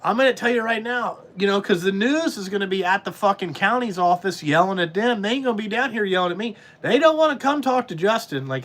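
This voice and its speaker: A man's voice: high-pitched, lively intonation, fast talker, hardly any pauses, a bit bright. A middle-aged man, ranting bluntly and profanely in casual podcast talk about his trucking trade. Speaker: podcast host, trucking business owner.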